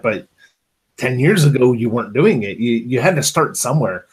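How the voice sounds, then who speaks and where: A man hosting a podcast interview, telling stories in a relaxed, encouraging way. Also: medium pitch, brisk, slightly rough. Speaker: podcast host. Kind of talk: casual interview chat.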